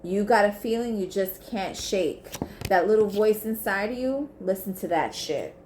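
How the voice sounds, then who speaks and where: A woman's voice: medium pitch, expressive, moderate pace, a little mellow, slight background noise. A woman giving a casual tarot reading to camera, blunt and emphatic, swearing freely. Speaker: tarot reader. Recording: echoey room with faint ambience.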